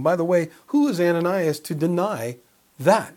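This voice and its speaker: A man's voice: high voice, lively intonation, moderate pace, darkish tone. A man preaching a conversational sermon and Bible study, chuckling and putting questions to his listeners.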